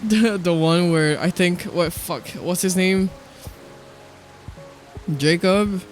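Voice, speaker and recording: Excitable man streaming a game, higher voice. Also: takes it slowly. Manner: chatty and excitable, jumps high in pitch when surprised, swears casually. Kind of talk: casual game-stream commentary, reading game dialogue aloud. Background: faint background music.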